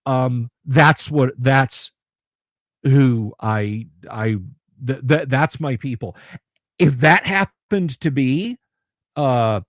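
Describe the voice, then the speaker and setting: A man's voice: medium pitch, drawn-out words, a bit bright, no room sound, studio quality. A middle-aged man hosting a livestream in casual chat, telling a story, acting out other people's lines and stammering through restarts when sincere. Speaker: livestream host.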